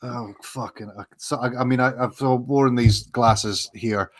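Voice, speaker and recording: An Irish man hosting a comedy show over a video call, excitable and self-mocking, swearing freely. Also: mid-range voice, unhurried. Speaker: comedy podcast host. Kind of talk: casual comedic chat.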